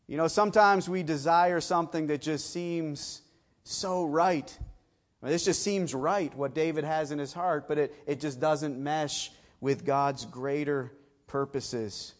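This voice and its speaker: A man's voice: on the high side, steady tone, unhurried. A middle-aged man from south of Boston with a Boston accent, preaching a sermon emphatically with folksy asides. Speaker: pastor.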